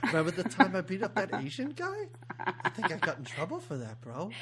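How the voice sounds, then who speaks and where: Podcast host doing a breathy boston bro, laid back, voice bouncing all over. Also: medium pitch, wildly swooping pitch, brisk, crowd noise. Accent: Boston put-on. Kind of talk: podcast impression.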